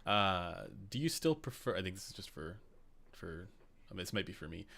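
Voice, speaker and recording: Canadian guy hosting a stream, low gravelly voice, laughs a lot, lots of ums. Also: big pitch swings, normal speed, a bit bright, a little hiss or hum. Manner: chatty, laughs often, many fillers. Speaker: podcast host. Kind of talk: casual live-stream chat.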